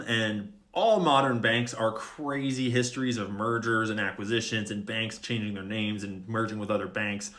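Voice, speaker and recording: A man at an ordinary mid pitch talks straight to his viewers in a relaxed explainer tone. He works through his points step by step, drops dry sarcastic asides and ends on open questions. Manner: conversational, wry asides, questioning. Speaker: video creator. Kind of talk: casual explainer monologue.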